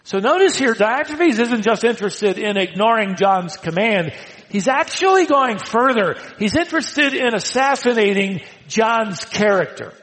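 A man preaching a sermon, swinging from loud emphatic lines to hushed, quiet ones. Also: high-pitched, lively intonation, unhurried, big-room sound, low-quality recording. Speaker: pastor.

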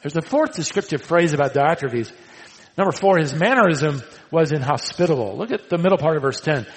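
A man preaching a sermon, swinging from loud emphatic lines to hushed, quiet ones. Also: fairly high pitch, expressive, brisk, big-room sound, low-quality recording. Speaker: pastor.

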